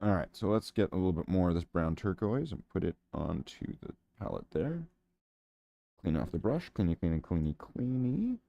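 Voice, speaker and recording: A man's voice: low-pitched, expressive, normal speed, creaky, warm tone, no echo, dull audio. A man talking casually while painting miniatures, rambling with jokey silly asides.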